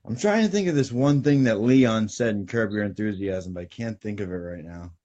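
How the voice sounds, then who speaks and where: A man's voice: on the low side, fairly quick, a little mellow. A man with a Boston accent, chatting casually as podcast co-host, laid-back and swearing freely. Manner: laid-back, swears, short agreeing replies. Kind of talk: casual chat. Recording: dull lo-fi sound.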